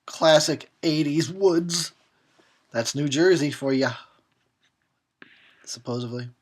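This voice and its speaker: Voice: mid-range voice, takes it slowly. A horror host giving a drunken commentary on a film, rambling and swearing and often breaking into laughter.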